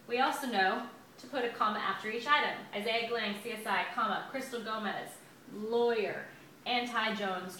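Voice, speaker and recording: Woman, grammar teacher, bright voice, upbeat and chatty, roomy echo, slightly off-mic. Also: medium pitch, recorded from a distance, a little hiss or hum. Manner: chatty, upbeat, stretches out words while writing. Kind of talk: classroom lesson at a whiteboard. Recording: echoey room, voice a bit off-mic.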